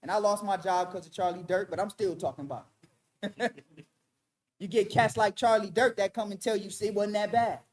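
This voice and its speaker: A woman leading a Bible study, preaching in an emphatic, loud and vernacular style and calling out to the room. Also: mid-range voice, moderate pace, pauses often. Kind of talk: animated street-style preaching.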